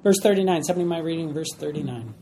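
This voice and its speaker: A man's voice: on the high side, very fast, creaky, warm tone, a little hiss or hum. A man leading a Bible study, explaining verses plainly and now and then acting out the characters' lines. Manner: explains plainly, acts out voices.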